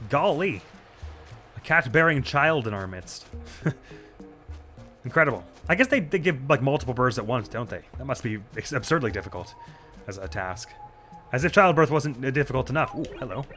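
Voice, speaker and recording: A man's voice: medium pitch, expressive, normal speed, pauses often, sharp tone, soft background music. A man casually commentating his gameplay stream, chatty and self-deprecating.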